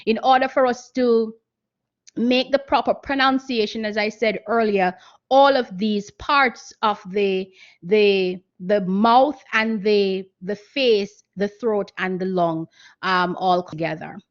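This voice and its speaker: A woman giving an online seminar lecture on speech and voice training, explaining slowly with frequent fillers. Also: mid-range voice, lo-fi sound. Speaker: guest speaker on voice training.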